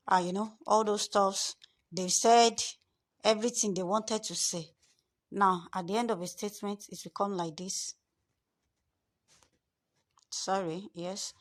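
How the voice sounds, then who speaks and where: A woman's voice: mid-range voice, steady tone, moderate pace, long pauses. Woman tutor, screen-share lesson, repetitive, leans on key words.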